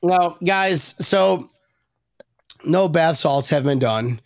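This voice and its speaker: A man hosting a casual podcast chat, rambling and excitable, with sudden high-pitched outbursts. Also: extremely slow, no room sound, studio quality. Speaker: podcast host.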